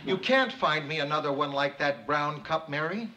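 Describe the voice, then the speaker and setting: Man playing a sarcastic gruff boss. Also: on the high side, lively intonation, moderate pace, a crowd in the background, lightly acted. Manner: dry sarcastic delivery. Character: gruff sarcastic middle-aged male boss. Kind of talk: sitcom acting. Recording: noisy old TV soundtrack.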